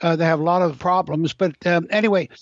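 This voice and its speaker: A man's voice: a little high, steady tone, fast, dry recording. An older man speaking as an interview guest, wry and opinionated, telling anecdotes. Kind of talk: interview conversation. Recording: dull, dry lo-fi sound.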